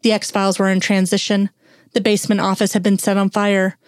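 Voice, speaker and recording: A woman narrating a fan fiction story aloud in an even storytelling manner. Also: mid-range voice, fairly quick, no echo, studio quality.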